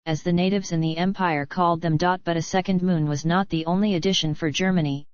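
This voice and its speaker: A woman reading a fan story aloud in a steady, even narration, close to the mic. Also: on the low side, brisk, clear, resonant tone, dry recording, muffled recording.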